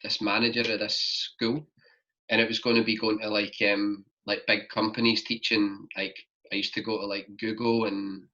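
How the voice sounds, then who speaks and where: Young Glaswegian man, low-ish voice, chatty and rambling, dull lo-fi podcast sound. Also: flat delivery, normal speed, pushed and bright. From Scotland. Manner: rambling, fills talk with "like". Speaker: podcast guest. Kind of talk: casual storytelling chat.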